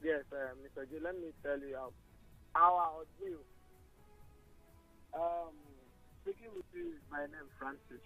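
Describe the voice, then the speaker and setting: A man's voice: fairly high pitch, wildly swooping pitch, unhurried, creaky, long pauses, bright, forceful tone, faint music behind. A man with a Nigerian accent calling in to a radio show, making insistent, emphatic complaints. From Akwa Ibom State, Nigeria. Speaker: caller. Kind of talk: phone-in call. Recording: tinny phone line.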